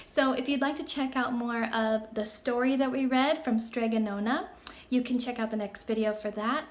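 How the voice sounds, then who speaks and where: A woman teaching young children, recapping a class in a playful, sing-song way. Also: a little high. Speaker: elementary school teacher.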